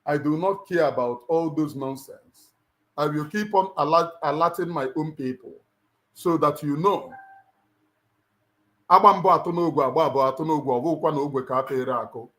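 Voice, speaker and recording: At normal speed, with a voice on the high side and fairly bright, a middle-aged Nigerian man with a Nigerian accent hosts a livestream. His impassioned address has an emphatic, preacher-like feel, and he repeats lines for weight.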